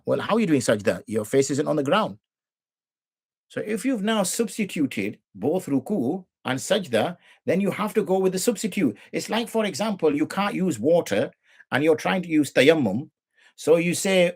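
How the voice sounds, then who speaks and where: A man's voice: fairly high pitch, sing-song, fairly quick, a little mellow, slightly rough. A middle-aged man with a British English accent, a mufti teaching religious law in an informal talk, full of rhetorical questions and mock dialogue.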